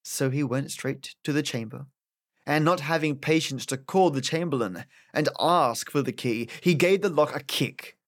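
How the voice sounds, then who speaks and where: A man with an Australian accent reading an old fairy tale aloud as narrator, in an expressive, dramatic way. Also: mid-range voice, normal speed. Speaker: audiobook narrator, podcast host. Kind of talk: storybook narration.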